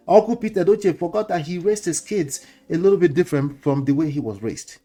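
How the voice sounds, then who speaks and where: Middle-aged Nigerian male host, relaxed preachy commentary with laughs and slang, soft music bed. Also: on the high side, a little fast, hardly any pauses. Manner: lecturing, chuckling, mixes in pidgin slang. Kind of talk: casual commentary monologue.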